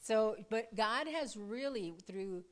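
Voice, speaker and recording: A woman's voice: a little high, expressive, slow. A woman casually telling a faith testimony to a group, chatty, laughing often and leaning on "you know.". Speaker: church member sharing a testimony.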